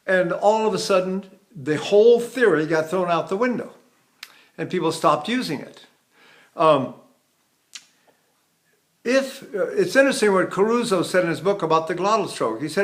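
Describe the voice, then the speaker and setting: An older man with a high speaking voice teaches singing technique. He explains patiently and wanders into asides. He often restarts his sentences mid-thought. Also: a bit bright. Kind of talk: vocal technique lesson with sung demonstrations.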